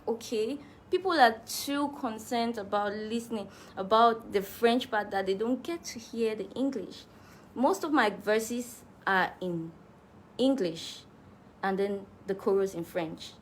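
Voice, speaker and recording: A woman's voice: mid-range voice, slight background noise. A woman with a Cameroonian accent, a musician chatting casually through fan questions, laughing easily and restarting her sentences. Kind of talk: casual live Q&A chat.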